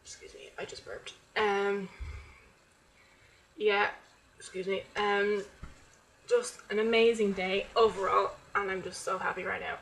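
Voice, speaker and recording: A woman's voice: mid-range voice, level tone, unhurried, vocal fry, long pauses, a bit bright, a little hiss or hum, low-quality recording. Chatty young woman vlogging. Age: young adult. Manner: chatty, rambling, full of "like" fillers. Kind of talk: casual chat to camera. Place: at home.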